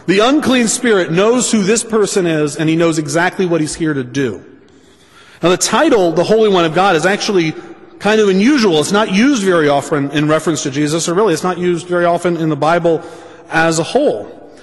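High-voiced male preacher in a reverberant hall. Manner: deliberate, restating points for emphasis. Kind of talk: sermon.

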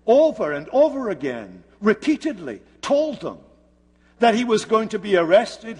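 A man preaching a sermon, retelling a scripture story slowly and dramatically with pauses. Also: high voice, breathy edge, big-room sound.

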